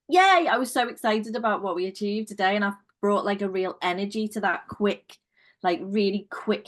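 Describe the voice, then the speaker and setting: Upbeat female workshop participant. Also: mid-range voice. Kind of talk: casual chat.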